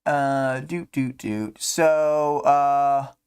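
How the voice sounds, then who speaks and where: Slow, smooth-voiced man chatting casually. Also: mid-range voice, darkish tone. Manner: rambling, many fillers, hums to himself. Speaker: podcast host. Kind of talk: casual chapter discussion.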